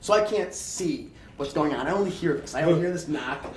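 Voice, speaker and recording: A man's voice: fairly high pitch, animated, a little fast, recorded from a distance. A man telling a story as an interview guest in a profane, rambling, laughing way. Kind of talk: casual storytelling. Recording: roomy, off-mic, faint room hiss.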